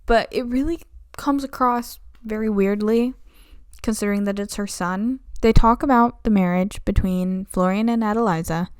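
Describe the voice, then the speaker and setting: A young woman video essayist recaps a play's plot in a flippant, sarcastic, casual manner, slipping into mock voices along the way. Her mid-range voice is clear and resonant at a normal speed. The recording is dry and studio quality.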